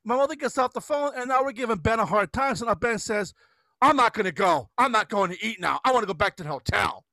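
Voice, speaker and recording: High bright guy chatting on a podcast, voice swoops around, dry close sound. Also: quick pace, dry recording. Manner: animated storytelling, laughs often. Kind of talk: casual chat.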